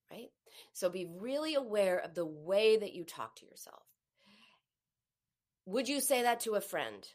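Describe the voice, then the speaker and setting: A woman hosting a live advice show, coaching listeners and acting out the ways people talk to themselves. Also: mid-range voice. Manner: warm coaching tone, acts out quoted self-talk. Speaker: host giving eating advice.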